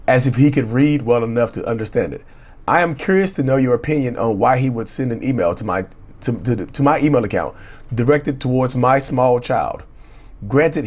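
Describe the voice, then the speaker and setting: A man's voice: medium pitch, a little mellow. Man casually breaking down a viewer's email. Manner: talks straight to viewers, repeating "y'all" often; stumbles and repeats words while reading aloud. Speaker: YouTube commentator on narcissistic abuse.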